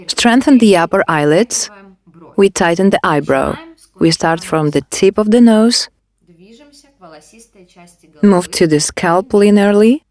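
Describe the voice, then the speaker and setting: Female instructor, slightly low pitch, calm stepwise guidance. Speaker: beauty device instructor. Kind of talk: instructional demonstration.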